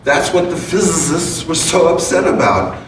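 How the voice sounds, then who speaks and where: A man's voice: a little high, animated, normal speed. A man giving an informal spiritual talk to an audience, playful and chuckling as he explains his points. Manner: playful and chuckling, with casual asides. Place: large room with an audience. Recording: very echoey room, distant mic, background noise.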